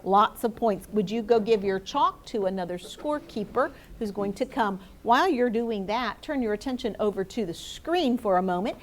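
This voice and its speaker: A woman's voice: mid-range voice, lively intonation, normal speed, hardly any pauses. A woman teacher leading a grammar review with her class, patiently asking questions and calling on students by name. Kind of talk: classroom lesson to students and viewers.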